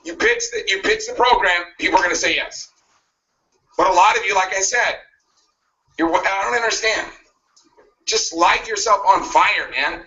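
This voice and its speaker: A man's voice: sits high, big pitch swings, moderate pace, pauses often, bright, forceful tone. A man giving a pushy motivational speech, cracking jabs and laughing at his own lines. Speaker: motivational speaker. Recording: muffled video played back from a distance.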